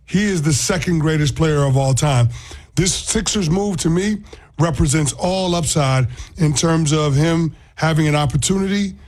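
A man who is a former football player, co-hosting a sports talk show in a measured, analytical way. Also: fairly high pitch, a little mellow.

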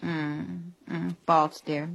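An actress playing a fussy, cheerful wife who drills her husband in a 1940s radio comedy, chirpy and patronizing, with a breathy voice. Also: low voice, flat delivery, very slow, a bit bright, full character voice. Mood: coaxing. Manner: chirpy, patronizing, keeps calling him dear.

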